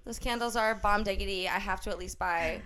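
A woman's voice: mid-range voice, brisk, fairly bright tone. A young adult woman co-hosting a podcast in casual chat, loose and giggly, swearing freely. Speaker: podcast co-host.

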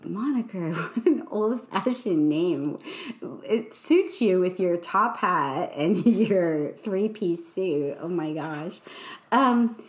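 A woman's voice: on the low side, lively intonation, slow pace, roomy sound. Giggly woman hosting a podcast. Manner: giggly, chatty, self-deprecating. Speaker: podcast host. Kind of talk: casual chat.

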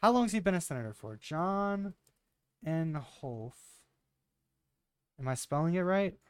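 A man's voice: a little high, animated, measured pace, clear, resonant tone, dry recording. A man in his twenties giving blunt, sarcastic political commentary with some swearing. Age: 20s.

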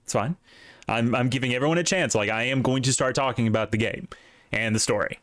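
A man rambles through a casual podcast chat about a video game, full of fillers and restarts. His voice sits at a middle pitch and sounds dry and close, with little room around it. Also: fairly quick, fairly bright tone, no room sound. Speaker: podcast co-host.

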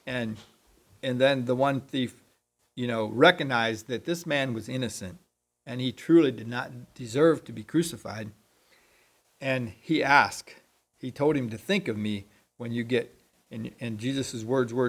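Halting man preaching, clears throat often. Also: medium pitch. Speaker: lay preacher. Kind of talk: unscripted sermon.

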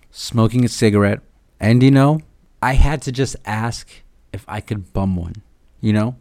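Speaking in a medium pitch with a hint of mellowness, a young man hosting a podcast tells a casual, comedic story. The tale wanders irreverently and is thick with profanity.

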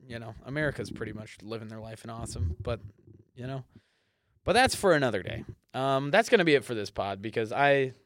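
A man's voice: mid-range voice, fairly bright tone, dry recording, clean studio sound. A young man hosting a solo podcast, rambling and cursing freely as he drifts off topic. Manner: rambling, profane, easily sidetracked. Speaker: podcast host. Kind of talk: casual solo podcast monologue. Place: apartment or small home studio.

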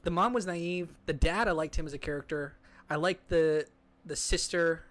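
A man with a fairly high voice chats about movies with a co-host. He tells stories in an animated, rambling way, full of fillers and restarts. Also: moderate pace. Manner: animated storyteller, lots of likes and restarts. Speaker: podcast co-host. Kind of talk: casual movie discussion.

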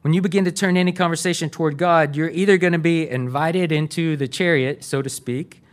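A man's voice: on the high side, fairly even intonation, brisk. A middle-aged man, a pastor giving a sermon in an earnest, conversational way. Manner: conversational, earnest, uses fillers.

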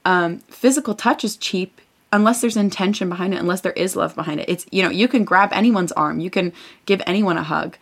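A woman's voice: on the low side, a little fast, creaky. A young woman co-hosting a podcast, talking earnestly and reflectively in casual chat. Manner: earnest, reflective, emphatic about ideas. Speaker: podcast co-host.

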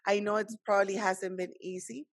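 A woman's voice: medium pitch, flat delivery, a little fast, no room sound. A woman hosting a faith-based conversation, speaking in an encouraging, earnest way with many restarts.

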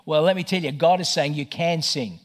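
A middle-aged man preaching a sermon as pastor, telling stories with lively stammered restarts. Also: a little high, brisk. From Australia. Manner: animated storytelling with stammered restarts.

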